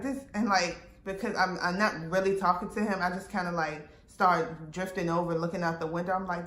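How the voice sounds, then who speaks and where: A woman's voice: fairly low pitch, steady tone, brisk, fairly bright tone. A woman casually retelling a frustrating personal experience, full of fillers and quoted dialogue. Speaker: vlogger. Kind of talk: personal storytime. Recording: roomy with faint background noise.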